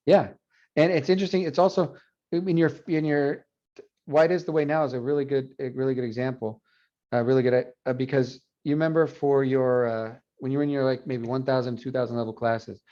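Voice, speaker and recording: A male Spanish professor giving an animated university lecture, repeating example words aloud to demonstrate. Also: medium pitch, brisk. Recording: dull lo-fi classroom recording.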